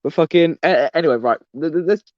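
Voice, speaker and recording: A man's voice: on the high side, quick pace, dry recording, dull audio. A man hosting a casual podcast, rambling and swearing with many stumbling restarts. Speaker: podcast host.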